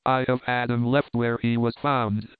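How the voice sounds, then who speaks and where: A steady police inspector explains things in an even, measured way, as a man reads his lines. The voice sounds smooth and clear. The audio is dry and narrow, almost like a phone call. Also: mid-range voice, dry recording, lightly acted.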